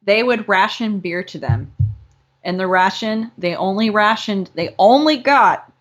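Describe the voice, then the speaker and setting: A woman's voice: medium pitch, animated, a little slow. A young woman from Southern California, co-hosting a podcast in casual, playful chat and swearing freely. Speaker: podcast co-host.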